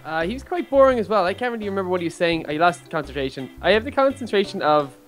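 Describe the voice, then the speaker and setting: A player voicing a boastful young male monkey sidekick in an improvised game role-play, with quick, jokey, playful banter. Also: mid-range voice, expressive, soft background music.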